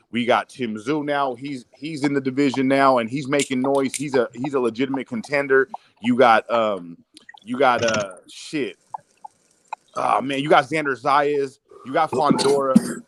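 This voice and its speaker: A man's voice: medium pitch, a bit bright, slight background noise. A man hosting a casual chat, giving blunt opinions with casual swearing.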